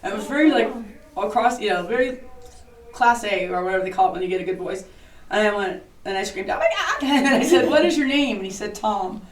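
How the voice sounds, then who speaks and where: A woman's voice: medium pitch, lively intonation, brisk. A woman giving a guided tour, a chatty, jokey storyteller who talks a lot. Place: inside an old historic building. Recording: roomy, distant camera mic.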